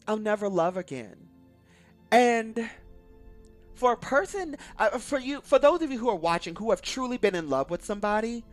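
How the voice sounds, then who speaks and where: A man with a high, light voice talks through a film he loves, gushing and enthusiastic and swearing freely. He acts out lines from the film in a casual, excited way. Faint music plays underneath. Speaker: YouTube movie reviewer. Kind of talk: excited casual movie review.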